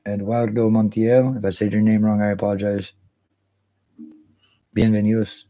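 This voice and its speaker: Low-voiced swearing livestream guy. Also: flat delivery, normal speed, no echo, muffled recording. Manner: rambling, profane, greets viewers by name. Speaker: livestream host. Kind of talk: casual livestream chat.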